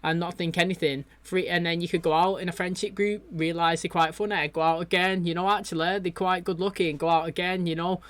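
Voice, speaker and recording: A chatty man talking through a TV episode, his thoughts spilling out in loose, excitable runs with plenty of "you know". His voice sits a little high for a man. The sound is close and dry, with no room around it. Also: fairly quick, hardly any pauses, dry recording. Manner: rambling and excitable, lots of fillers and "you know". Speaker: reaction video host. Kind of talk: casual chat reacting to a TV episode.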